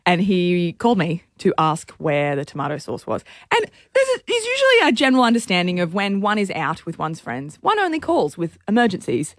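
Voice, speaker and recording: A woman's voice: on the low side, huge pitch swings, brisk, few pauses, dry recording, clean studio sound. A woman co-hosting a radio show, wry and laughing often as she chats. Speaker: radio co-host. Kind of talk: casual breakfast radio banter.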